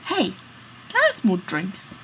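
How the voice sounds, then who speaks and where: A woman's voice: medium pitch, huge pitch swings, moderate pace, pushed and bright, a little hiss or hum, rough recording. A woman voicing a scheming, greedy young man in a story, speaking in a raised voice.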